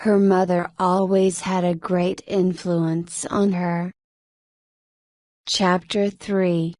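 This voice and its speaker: A woman reads a novel aloud for English learners, taking her time over each sentence in a measured way. Her voice sits a little low and the sound is dry and close, with no room around it. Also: darkish tone, no room sound. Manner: slow, measured reading aloud. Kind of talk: scripted narration of a novel.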